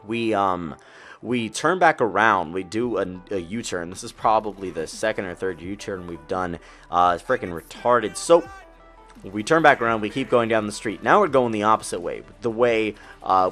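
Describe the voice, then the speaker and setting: A man's voice: on the low side, fairly bright tone. A young man animatedly telling a frustrating driving story, ranting with lots of fillers. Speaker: youtuber. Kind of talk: storytelling over gameplay.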